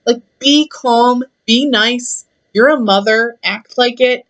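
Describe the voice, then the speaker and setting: A woman voicing a fed-up male king of the gods who scolds in slangy, exasperated talk, pitched up high. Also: slow pace, fairly bright tone.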